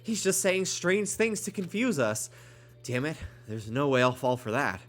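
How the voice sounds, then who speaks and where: Stuffed-up male streamer, lively delivery, reads game text, playful and joking. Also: a little high, normal speed. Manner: playful, stumbling over words, joking asides. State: stuffed up, congested. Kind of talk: reading game dialogue aloud on a stream.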